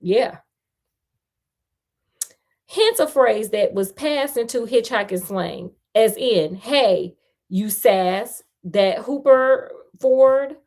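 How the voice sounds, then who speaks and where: A woman's voice: fairly high pitch, lively intonation, drawn-out words, a little mellow. A woman reading a novel aloud casually, breaking off for playful, chatty asides. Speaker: storyteller. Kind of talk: casual read-aloud storytelling.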